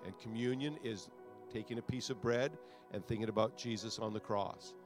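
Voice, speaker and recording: A man's voice: fairly low pitch, normal speed, over music. A man preaching as a pastor, with a repetitive, exhorting cadence that builds toward fervent prayer. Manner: rising to loud fervent prayer. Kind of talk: sermon altar call and prayer.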